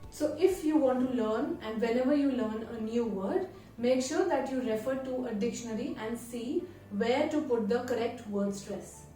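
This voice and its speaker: Woman tutor teaching an exam-prep lesson, clear and deliberate, mellow higher voice, heard from a distance in a very echoey room with faint music. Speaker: IELTS tutor. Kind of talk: instructional video lesson.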